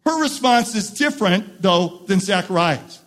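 High-voiced male preacher giving a sermon. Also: animated, unhurried. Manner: builds from quiet, reflective talk to repeated shouted emphasis. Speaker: pastor.

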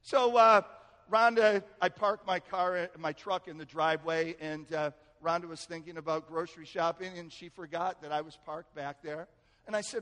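A male pastor preaching in a church, telling a family story with lively, animated delivery. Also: moderate pace. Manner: storytelling, animated, acts out family quotes with rising pitch. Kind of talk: sermon. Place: church sanctuary. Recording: echoey hall with long reverb.

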